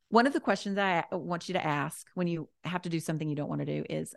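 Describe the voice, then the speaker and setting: On a casual podcast, a woman appears as a guest offering life advice, her fairly low voice animated and marked by vocal fry. She talks fast with few pauses, chatty, gentle and encouraging, peppering her speech with "like" and "you know" as she corrects herself mid-sentence. The recording is clean studio sound with no echo.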